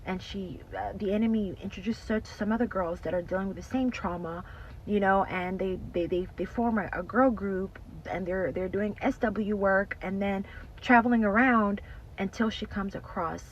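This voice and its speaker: A woman tells her faith testimony in an earnest, casual way. She repeats herself, calls her listeners y'all, and drops to a whisper at emotional moments. The audio is slightly dull and lo-fi, with a faint hiss behind her voice. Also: medium pitch.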